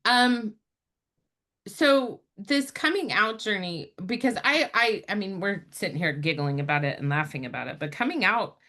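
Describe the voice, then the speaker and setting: Woman host, casual, animated storyteller, quick and chatty. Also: medium pitch. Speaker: podcast host. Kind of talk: casual chat.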